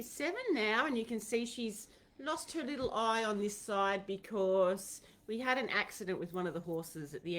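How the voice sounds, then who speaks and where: An Australian woman chats casually while hosting a live online Q&A session. Her talk rambles, with frequent fillers and restarted sentences. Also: mid-range voice. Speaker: host of a horse-training Q&A livestream. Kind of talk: casual livestream chat.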